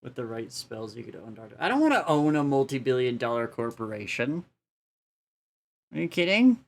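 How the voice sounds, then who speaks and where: A man's voice: medium pitch, expressive, fairly quick, gravelly. A man casually chatting on a live stream from his home setup into a standalone desk mic, rambling with lots of fillers and frequent laughter. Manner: rambling, laughs often, many filler likes.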